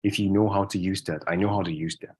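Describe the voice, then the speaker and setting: A man with a very deep voice speaking as a guest in a casual interview. He talks in loose, repetitive phrases, checking in with "right?" and closing thoughts with "yeah.". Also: fairly even intonation, quick pace, a little mellow, husky, rough recording. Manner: repeats himself, frequent "yeah" and "right?".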